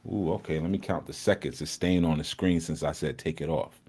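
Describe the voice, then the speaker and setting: A man hosting a live study session in a casual, joking way, laughing often and moving between loud and hushed talk. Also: very deep voice, fairly quick, husky. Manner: teasing, joking with the chat.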